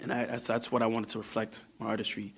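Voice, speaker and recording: A man's voice: lowish voice, flat delivery, quick pace, gravelly, slightly rough. A young man from New York, a guest on a podcast, talking over his music career in a reflective way, often trailing off and starting over. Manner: reflective, trailing off and restarting thoughts. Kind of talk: casual podcast conversation.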